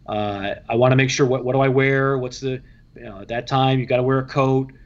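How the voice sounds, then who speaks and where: A man's voice: mid-range voice, brisk. Man telling stories on a dull recording. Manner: lively, acts out quoted voices, frequent restarts. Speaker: baseball radio play-by-play broadcaster. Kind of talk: anecdotal storytelling in an interview.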